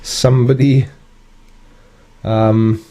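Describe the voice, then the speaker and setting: A man's voice: medium pitch, flat delivery, very slow, warm tone. A man with a British accent hosting a casual live stream, chatting and answering viewer comments in a wry, conversational way.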